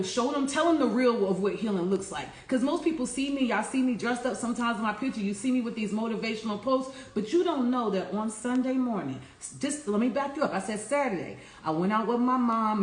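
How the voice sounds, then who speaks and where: In a slightly high voice with noticeable reverb, a female life coach delivers a casual, inspirational morning talk, earnest and a bit preachy, addressing her listeners as y'all.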